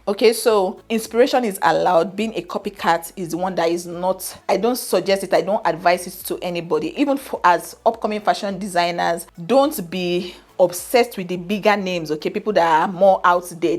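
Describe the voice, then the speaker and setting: A woman with a Nigerian accent, a fashion YouTuber chatting casually to camera. She talks freely and keeps checking in with her viewers through "right?" and "okay?" as she speaks into a boom-style camera mic. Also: darkish tone. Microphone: boom-style camera microphone.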